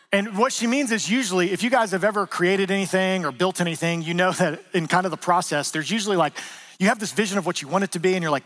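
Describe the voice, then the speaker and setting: A man in his thirties preaching a sermon as pastor, conversational and animated, acting out quotes and joking with the congregation. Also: sits high, rapid-fire.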